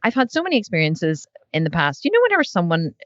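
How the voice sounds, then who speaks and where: A woman's voice: on the low side, wildly swooping pitch, fast, no room sound, lo-fi sound. A woman hosting a podcast, talking casually and bluntly, swearing freely and acting out other people's voices, sitting in bed at home. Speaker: podcast host. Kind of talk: casual conversation.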